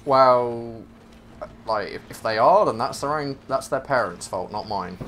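A man's voice: medium pitch, unhurried, fairly bright tone, a little hiss or hum. A man playing a game with a friend, teasing him dryly and mock-arguing in casual chat. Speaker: co-op game player. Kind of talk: casual gaming banter.

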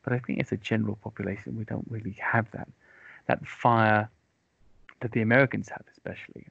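A man's voice: lowish voice, fairly even intonation, fairly quick, creaky, fairly bright tone, slightly rough, no echo. A British man hosting a casual chat, talking in a chatty, self-mocking and rambling way. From United Kingdom. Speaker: podcast host. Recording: dry, dull lo-fi sound.

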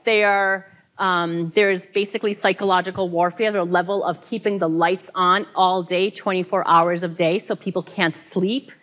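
A woman's voice: on the low side, fairly even intonation, moderate pace, fairly bright tone. A woman giving a conference keynote speech, earnest and emphatic, telling people's stories with now and then a laughing aside. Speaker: keynote speaker. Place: conference hall.

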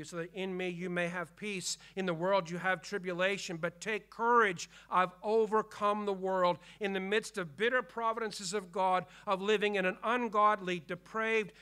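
A man preaching a sermon as pastor, emphatic and repetitive, dropping to hushed tones and rising again. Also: sits high, clear, resonant tone. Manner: emphatic preaching, swinging between hushed and loud; repeats key phrases for emphasis. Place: church.

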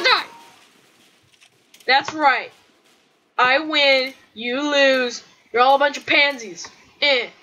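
Woman, gameplay commentary, excitable yelling, trash talk, extremely high voice, slow drawn-out delivery. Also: slight background noise, rough recording.

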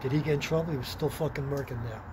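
A middle-aged man, telling a rambling, profane workplace story in a blunt, gruff manner. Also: medium pitch, fairly even intonation, very fast. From Long Island, New York. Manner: blunt, heavy swearing, gruff. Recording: noisy background with vehicle sounds.

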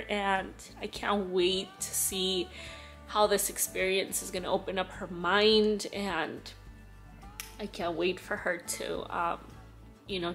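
A young mother talks straight to her vlog viewers in a casual, gushing way, her voice sitting at an ordinary middle pitch. She gets emotional and circles back to the same happy words again and again. Faint music plays quietly behind her. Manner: emotional, gushing, repeats herself. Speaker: family vlogger, mother.

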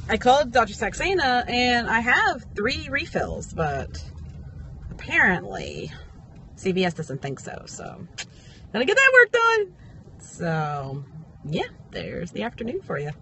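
A woman's voice: huge pitch swings, slow pace, pauses often, bright, forceful tone, a little hiss or hum. A young woman in casual vlog chat, telling her day in a chatty, upbeat way. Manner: chatty and upbeat, high baby talk to her dog. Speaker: vlogger.

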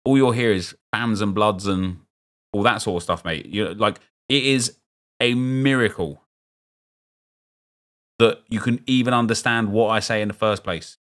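Chatty South London man, lowish voice. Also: a little slow, a bit bright. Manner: chatty, rambling, jokey asides to chat. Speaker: streamer. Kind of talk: casual game commentary.

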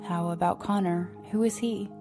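A woman's voice: on the low side, steady tone, normal speed, over music, natural voice. A woman reading the part of a worried middle-aged mother with a questioning manner. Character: anxious middle-aged mother, long asleep.

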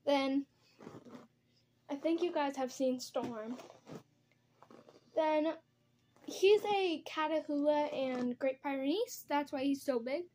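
A woman's voice: high voice, slow pace, pauses often, dark tone, slight background noise. A young woman chatting casually as she does her makeup at home, rambling from one topic to the next. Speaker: vlogger. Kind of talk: casual get-ready-with-me chat.

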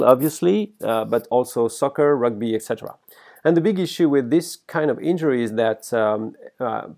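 French-accented male professor, mellow voice. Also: medium pitch, vocal fry. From France. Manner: halting, many fillers and restarts. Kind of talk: recorded workshop lecture.

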